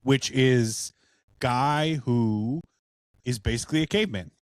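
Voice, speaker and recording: A man's voice: medium pitch, measured pace, dry recording, clean studio sound. A man co-hosting a casual chat, ranting with heavy swearing. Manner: profane, ranting. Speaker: podcast co-host.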